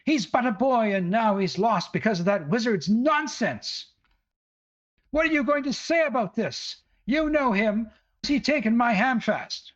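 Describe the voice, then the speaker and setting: A man's voice: very high voice, animated, unhurried, muffled recording, pitched above the performer's own voice. A man voicing an angry middle-aged village mother who scolds and rants indignantly. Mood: furious scolding.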